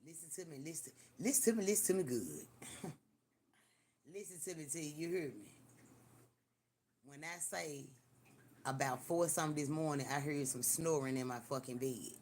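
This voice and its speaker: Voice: mid-range voice, a little hiss or hum. Older livestream host, chatty storyteller, cusses freely, addresses the viewers directly. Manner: animated, profane, talks straight to viewers. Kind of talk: casual live-stream storytelling.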